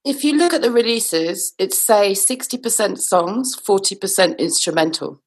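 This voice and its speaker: A woman musician talking in a casual interview over a video call, reflective and quick to laugh. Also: medium pitch, expressive, husky. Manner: reflective, laughs easily, says "you know". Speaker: musician guest.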